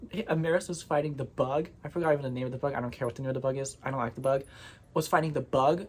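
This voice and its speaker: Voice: mid-range voice, rapid-fire, a little mellow, husky. A vlogger chatting casually and at length, wandering off on tangents and getting playfully indignant. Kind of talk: casual rambling monologue.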